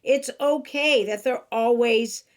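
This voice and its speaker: A woman's voice: fairly high pitch, slow. A woman who hosts a podcast as a life coach, talking earnestly in a solo instructive monologue and acting out examples.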